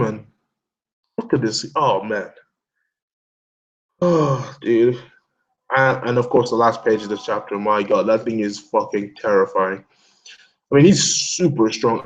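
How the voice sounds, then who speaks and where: Excitable, foul-mouthed man rambling casually. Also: fairly low pitch, highs cut off. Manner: excitable, swears often, laughs a lot, talks himself in circles. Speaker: host of an online discussion hangout.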